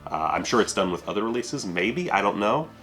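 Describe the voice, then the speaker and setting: Deep-voiced man casually reviewing a disc. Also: expressive, fairly quick, a bit bright, soft background music. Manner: offhand, self-deprecating, casual swearing. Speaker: home video reviewer.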